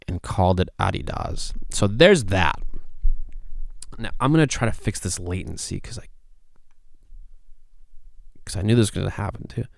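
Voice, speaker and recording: A man hosting a casual solo podcast, sounding stuffy and talking excitably, exclaiming and swearing casually. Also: deep voice, vocal fry, no room sound. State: stuffy, congested. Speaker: podcast host.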